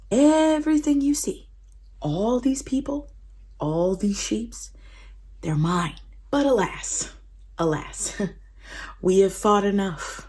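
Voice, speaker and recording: A woman's voice: fairly high pitch, warm tone, pitched above the performer's own voice. A woman voicing an angry old father-in-law who accuses and bargains, raising her voice in indignation.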